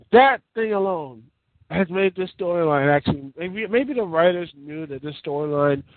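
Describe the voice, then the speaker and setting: High-voiced man ranting, tinny sound. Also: a little slow, no echo. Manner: animated, incredulous, rambling with many restarts. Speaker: wrestling reviewer. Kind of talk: casual rant.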